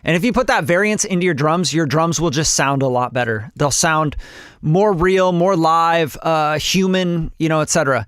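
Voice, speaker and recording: A man's voice: on the high side, moderate pace, a bit bright, clean tone, no room sound, studio quality. A man teaching music production on a casual live stream, loose and chatty with lots of fillers, humming drum rhythms and swearing offhandedly.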